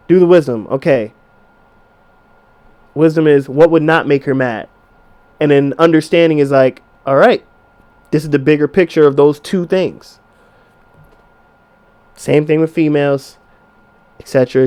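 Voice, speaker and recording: A man's voice: on the high side, darkish tone. A man in his twenties hosting a podcast, giving blunt, profane relationship advice in a casual rant. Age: 20s. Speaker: podcast host.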